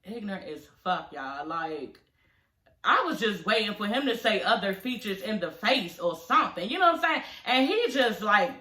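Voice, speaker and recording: Woman vlogger with a bright, forceful voice and a blunt, foul-mouthed recap style in an echoey room. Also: mid-range voice, big pitch swings, normal speed. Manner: blunt, profane, chatty, frequent laughing asides. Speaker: vlogger recapping a reality show. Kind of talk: casual recap vlog.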